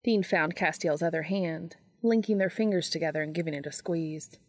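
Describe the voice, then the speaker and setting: A woman reading a story aloud in a soft, even storytelling manner. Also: lowish voice, normal speed. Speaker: narrator.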